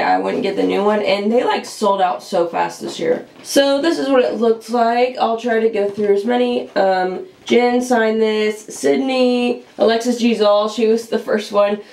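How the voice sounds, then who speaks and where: Young Californian woman, sick rough voice, gravelly, casual vlog chat, echoey room. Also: medium pitch, a little mellow. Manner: chatty, uses "like" and "um" a lot. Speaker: vlogger.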